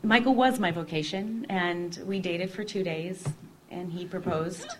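A woman telling her personal faith story in an expressive, conversational way, often dropping to a hushed voice. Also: on the low side, unhurried, noisy background. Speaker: guest sharing her testimony.

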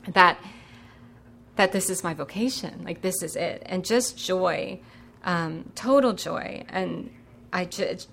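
Young woman, religious sister sharing her testimony, earnest and emotional, bright tone. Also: gravelly, a little hiss or hum. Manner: earnest and emotional, with quick rises in pitch. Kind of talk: personal testimony.

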